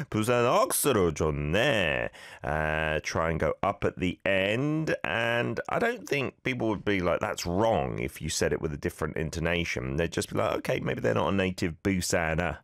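A man's voice: deep voice, sing-song, normal speed, vocal fry, fairly bright tone, dry recording, clean studio sound. A man hosting a radio show, teaching listeners Korean phrases in a chatty, friendly way and laughing along with their clips.

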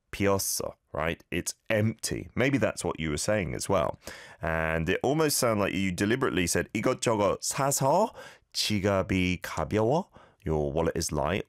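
A man hosting a language lesson show, patiently and encouragingly modelling phrases and gently correcting listeners' pronunciation. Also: sits low, no room sound, clean studio sound. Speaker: host and language teacher. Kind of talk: radio-style language lesson with listener feedback.

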